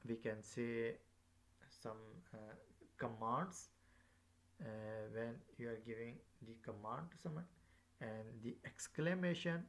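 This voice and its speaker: A man teaching a recorded lecture, speaking haltingly with many fillers and repeating his phrases as he explains. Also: mid-range voice, fairly bright tone.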